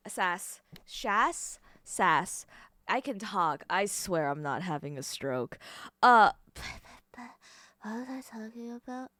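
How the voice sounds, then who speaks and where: A woman's voice: medium pitch, lively intonation, pushed and bright, no echo, clean studio sound. A young woman livestreaming in casual chat, rambling, swearing and stumbling over her words. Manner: rambling, swearing, quick self-corrections.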